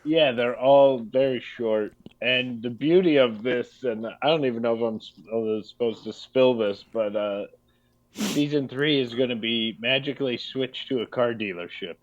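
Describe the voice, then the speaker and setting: A man's voice: mid-range voice, normal speed, dry recording, muffled recording. A middle-aged man co-hosting a casual comedy chat, explaining his projects in an easygoing way. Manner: easygoing storyteller, explaining at length. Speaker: comedy writer and producer co-host.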